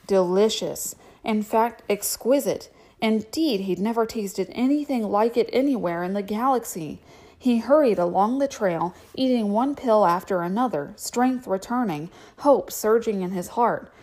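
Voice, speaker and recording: A woman's voice: medium pitch, measured pace, a little mellow. Woman reading a novel aloud. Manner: chatty, filler-heavy asides. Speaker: reader. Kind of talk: audiobook reading with casual asides.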